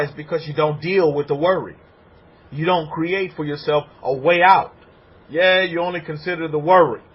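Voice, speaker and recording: A man preaching a sermon as a rabbi, animated and repetitive. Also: fairly high pitch, slightly rough, dull audio. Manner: animated preaching, acts out congregants' voices.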